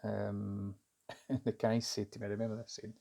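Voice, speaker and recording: A man's voice: on the low side, little pitch movement, normal speed, gravelly, mellow. A Scottish man casually recounting a story in a rambling, hesitant way, with lots of fillers and restarts. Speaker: vlogger recounting a job interview.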